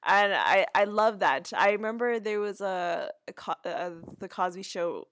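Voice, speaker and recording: A woman's voice: medium pitch, a little slow, fairly bright tone, smooth, no room sound, clean studio sound. A woman hosting a podcast, chattily recapping a TV episode with asides and restarts. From Canada. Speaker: podcast host.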